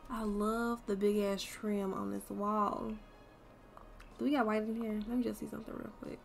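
A young woman streaming a game, chatting casually to her viewers and swearing freely as she thinks out loud. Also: medium pitch, level tone, moderate pace, gravelly, soft background music. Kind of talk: casual gameplay commentary.

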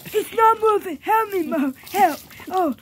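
Woman doing a squeaky, excited little warrior dog. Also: measured pace, slight background noise. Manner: squeaky, excited, stammering, baby-talk grammar. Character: playful, boastful pet dog battling water. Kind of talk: voicing a pet for a home video.

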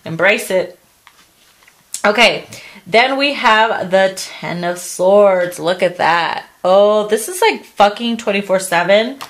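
A woman's voice: medium pitch, takes it slowly. Crude, laughing woman reading tarot. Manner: blunt and crude, laughs often, acts out quotes. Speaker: tarot reader.

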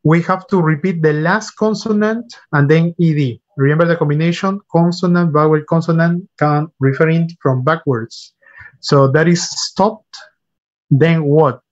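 A man's voice: fairly high pitch, fairly even intonation, a little slow, dull audio. A man teaching an online English class, patiently repeating and spelling words out for his students over a computer mic. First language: Spanish. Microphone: computer mic on a video call.

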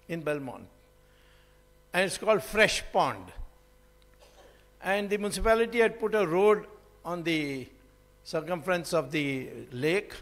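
A man giving a public lecture, rambling through stories with fillers and restarts. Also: high voice. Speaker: public speaker. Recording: hall reverb.

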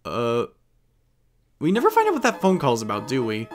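A man's voice: medium pitch, normal speed, long pauses. A man giving casual gameplay commentary, chatting about his choices and reading the game's dialogue aloud. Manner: chatty, reads game dialogue aloud, flat asides. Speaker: let's play commentator. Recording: guitar music playing behind.

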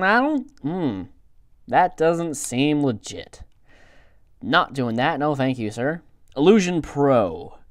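Excitable young man doing game commentary. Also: medium pitch. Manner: excitable, frequent outbursts and groans. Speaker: gaming channel host.

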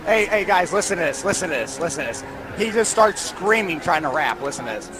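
A man talking in gaming voice chat over a headset mic, loud and profane as he teases his friends. His voice sits high and swings widely in pitch. Heavy background noise runs under everything he says. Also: expressive, brisk. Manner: loud, profane, laughing teasing.

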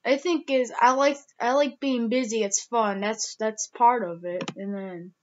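A young woman talks straight to her camera in a rambling, halting way, looping back on herself with endless "like" and false starts. Her voice sits a touch high and the recording sounds dull and lo-fi. She is emotional and near tears. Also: steady tone, a little mellow. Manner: rambling, heavy use of "like", many restarts. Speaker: vlogger. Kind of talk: casual vlog talk.

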